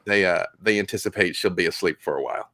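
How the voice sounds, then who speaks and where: A man's voice: deep voice, quick pace, sharp tone, no echo, studio quality. A man narrating a tabletop role-playing game as game master, in a casual, rambling way with many fillers.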